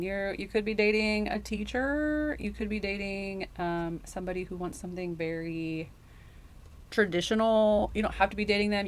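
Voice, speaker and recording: Woman tarot reader, casual and rambling, speaks directly to the viewer. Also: mid-range voice. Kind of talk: casual intuitive tarot reading.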